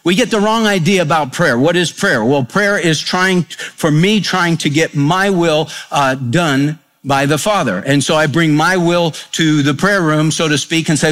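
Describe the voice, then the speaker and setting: A man's voice: fairly high pitch, unhurried, few pauses, a bit bright. A man preaching a sermon in a folksy storytelling way, acting out the voices in his examples. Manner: folksy storytelling, acts out quotes. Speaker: pastor.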